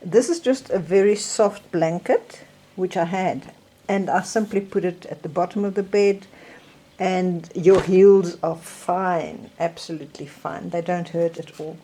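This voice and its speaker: An older woman with a South African accent talks slowly through her recovery tips, holding up things as she explains them. Her voice sits a little low and has a soft, mellow tone. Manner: slow, chatty, demonstrating objects. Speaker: vlogger sharing recovery tips. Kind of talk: casual show-and-tell.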